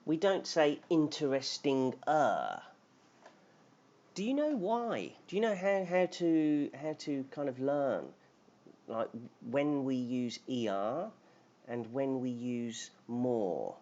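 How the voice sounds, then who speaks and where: A man's voice: medium pitch, sing-song, slow pace, a little mellow. A man teaching English grammar on a live stream, explaining patiently and reading out names from the chat. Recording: dull lo-fi stream audio with faint noise.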